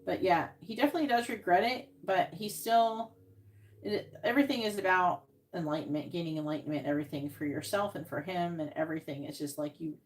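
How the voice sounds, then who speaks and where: A woman's voice: fairly low pitch, brisk. A woman giving psychic readings on a live stream, talking casually and rambling with many restarts, into earbuds.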